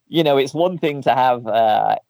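A man's voice: medium pitch, moderate pace, vocal fry, dry recording. English guy hosting a podcast, easygoing, dry close sound. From England. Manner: relaxed, laughs while talking, asks guest questions. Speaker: podcast host. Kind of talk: casual podcast chat.

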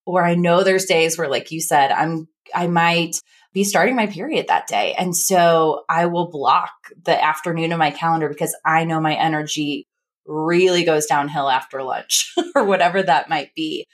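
A woman from the American Midwest hosting a podcast, chatting in an animated way and acting out her own quotes. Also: deep voice, moderate pace. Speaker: podcast host. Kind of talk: casual podcast chat.

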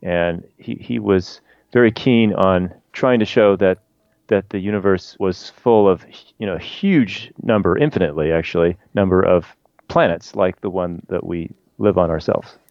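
Male guest expert, low voice, dry dull recording. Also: creaky, no room sound. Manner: animated with frequent restarts, quick bursts. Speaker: guest author and historian of science. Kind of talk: conversational explanation. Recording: dull lo-fi remote line.

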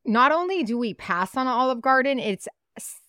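A young woman in a casual chat who speaks her mind bluntly, with sarcasm and casual swearing. Her voice is smooth and clear, and the recording is dry and close. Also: sits high, lively intonation, normal speed, bright, forceful tone, dry recording. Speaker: podcast co-host.

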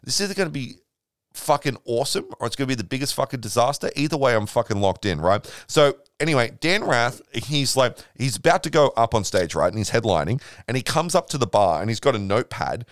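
A man hosting a casual comedy podcast, swearing constantly as he tells animated stories. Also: mid-range voice, quick pace, no room sound, clean studio sound. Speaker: podcast host.

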